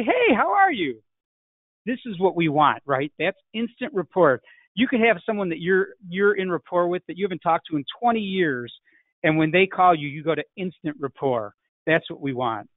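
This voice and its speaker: Sales coach, male, fairly high voice, emphatic, thin phone-like sound. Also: no echo. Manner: emphatic, frequent "right?" tags. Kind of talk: online sales class. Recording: tinny phone-like line, dry.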